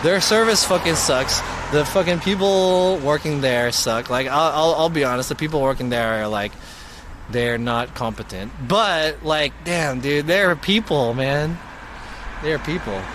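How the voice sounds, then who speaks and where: A young man streaming live, telling a story in a slangy, profane, animated way. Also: fairly high pitch, measured pace. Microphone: mobile streaming mic. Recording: loud street and traffic noise.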